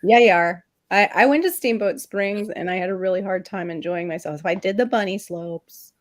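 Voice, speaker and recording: A middle-aged woman from Florida hosting a casual chat, telling animated stories and laughing often. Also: medium pitch, normal speed. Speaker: livestream host.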